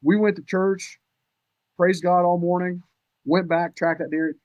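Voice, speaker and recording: Man, podcast guest, higher voice, animated storyteller who curses freely, dull and dry sound. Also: measured pace, dry recording. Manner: animated, excitable storytelling with casual cursing. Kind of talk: casual storytelling chat.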